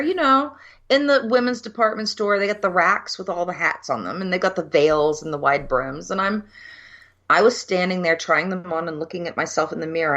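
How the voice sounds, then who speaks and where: Woman in her 50s, lowish voice but bright and sharp, chatty podcast cohost, swears a lot. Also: muffled recording. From USA, Minneapolis. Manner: frank and animated storyteller, swears freely. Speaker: podcast co-host. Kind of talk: casual chat over cocktails.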